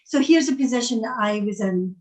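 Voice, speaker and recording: A woman's voice: on the high side, lively intonation, brisk, a little mellow, low-quality recording. A middle-aged woman with a Scottish accent, giving an earnest talk over a video call and repeating phrases as she searches for words. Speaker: psychic speaker.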